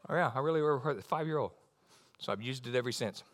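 A middle-aged man preaching a sermon, animated, often restarting and repeating words. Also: mid-range voice, very fast. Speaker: pastor.

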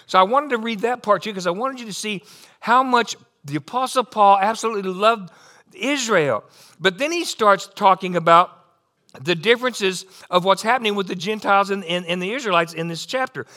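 A middle-aged man preaching a sermon, animated, often restarting and repeating words. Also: high-pitched, fairly quick. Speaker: pastor.

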